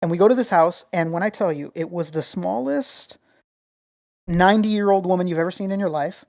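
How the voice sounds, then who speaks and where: A woman co-hosts a laid-back podcast in a lowish voice and tells rambling stories full of swearing. She talks with lots of energy and many asides. The sound is dry and close to the mic. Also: brisk, creaky, no echo. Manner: profane, rambling, animated storyteller. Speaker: podcast co-host. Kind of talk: casual chat, storytelling.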